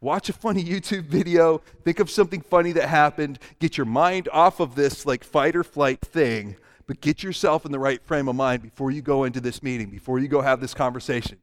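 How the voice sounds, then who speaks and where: Animated male preacher in a reverberant hall. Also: fairly high pitch, a little fast, few pauses. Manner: animated, acts out voices and smiles for the audience. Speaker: pastor. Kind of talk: sermon.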